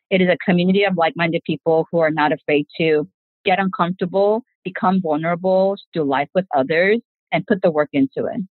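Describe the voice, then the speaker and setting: A woman in her forties with a fairly low, husky voice speaks earnestly and reflectively in long connected sentences. The sound is thin and tinny, like a phone line, and very dry. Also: no echo. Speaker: podcast guest. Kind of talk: casual podcast conversation.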